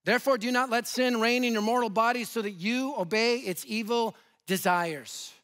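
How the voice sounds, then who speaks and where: A man in his fifties from Denver, preaching a sermon with lively, humorous storytelling that swings between loud and soft. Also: very high-pitched, moderate pace. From Denver, USA. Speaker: guest preacher and evangelist.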